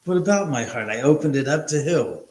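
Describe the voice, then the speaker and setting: A man's voice: a little high, fairly quick, echoey room, rough recording. A man hosting a live stream, chatting casually and telling stories, swearing freely. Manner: animated storyteller, swears freely. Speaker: host.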